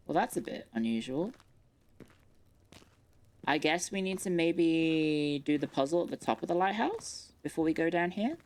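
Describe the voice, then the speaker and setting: Playing a puzzle game on a live stream from her bedroom, a young woman chats nervously with her viewers and says things twice when spooked. She has a low, slightly mellow voice with lively intonation and normal speed. Faint music plays in the background.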